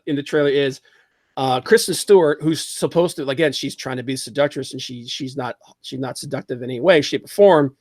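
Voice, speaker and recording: A man with a slightly high voice hosts a casual livestream podcast, talking in an animated, opinionated way and reacting to chat as he goes. The sound is close and dry, with no room in it.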